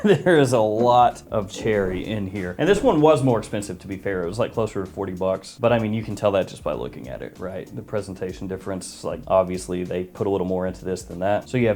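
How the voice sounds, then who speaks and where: A man's voice: mid-range voice, a little mellow. A man giving a casual, jokey fragrance review as host, chatty and self-mocking.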